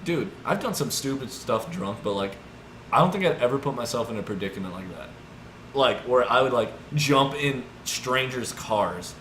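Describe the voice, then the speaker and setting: A man's voice: mid-range voice, normal speed. A young man in his twenties telling rambling stories in casual chat, full of "like" and "dude". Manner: rambling, lots of "like" and "dude", animated retelling. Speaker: podcast co-host. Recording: echoey room with background noise.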